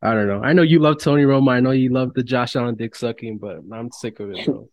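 A man's voice: medium pitch, quick pace, no room sound, dull audio. A man co-hosting a sports podcast, talking casually, swearing a lot and venting about announcers. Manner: profane, animated, mocks announcers. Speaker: podcast co-host.

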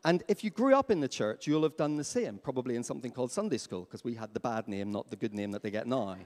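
A man preaching a sermon as pastor in a church, lively and questioning his congregation. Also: medium pitch, fast. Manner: animated, asks the congregation questions. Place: church hall. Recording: long hall reverb.

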